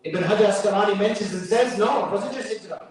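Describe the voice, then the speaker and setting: A man's voice: high-pitched, quick pace. A man with a New York accent giving a sermon at a mosque fundraiser, chatty and joking, with Arabic quotations. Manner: conversational preaching with joking asides and Arabic quotations. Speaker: guest speaker at a mosque fundraiser. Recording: echoey hall from far off.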